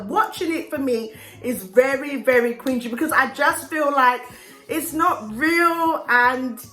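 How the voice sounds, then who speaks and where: A woman chatting casually and giving opinions while reviewing TV shows as a vlogger. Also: high voice. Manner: chatty, opinionated, animated storytelling. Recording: roomy echo with faint music.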